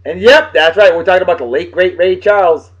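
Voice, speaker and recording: A man hosting his own casual webcast, rambling and crude and quick to get riled. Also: high voice, fairly bright tone, breathy edge, highs cut off. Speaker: show host.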